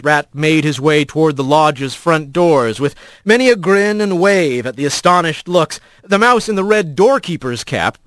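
Man, storybook narration, expressive, slightly high voice, dry sound. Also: dry recording. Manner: expressive, animated reading.

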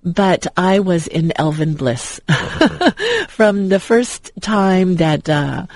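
A man's voice: high-pitched, very animated, very slow, no room sound, low-quality recording. A man chatting as an enthusiastic movie fan, rambling with many restarts and fillers. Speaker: guest.

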